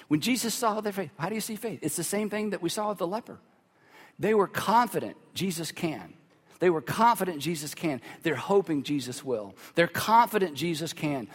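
A man's voice: a little high, slightly rough, big-room sound. A man preaching a sermon, telling the story with animation, repeating key phrases and acting out the voices of the people in it. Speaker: pastor.

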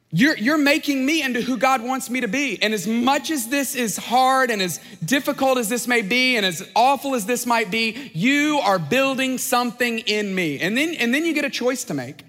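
High-voiced pastor preaching in a hall. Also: male voice, sharp tone. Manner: conversational, joking asides, playful put-on voices. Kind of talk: sermon. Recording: long hall reverb.

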